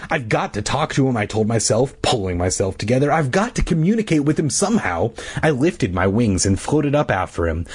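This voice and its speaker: A man's voice: on the low side, darkish tone, husky. A man reading a children's novel aloud, dropping wry asides and corrections between passages. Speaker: reader.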